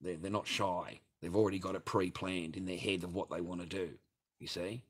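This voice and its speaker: Australian man, low voice, husky, profane, rambling storyteller. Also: fairly even intonation, brisk. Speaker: livestream host.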